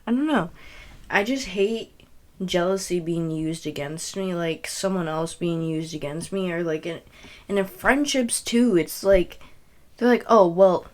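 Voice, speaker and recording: Young woman, low voice, casual storytelling, rambling, swears. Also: a little slow. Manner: rambling, frequent fillers and self-corrections, swears. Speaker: podcast host.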